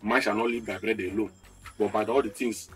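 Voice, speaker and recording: A man's voice: on the low side, fairly even intonation, a little fast, soft background music, lightly acted. A man with a Nigerian accent playing a boastful, rambling schemer who calls himself a master planner. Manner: boastful, rambling, bursts into shouting. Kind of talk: Nollywood film acting.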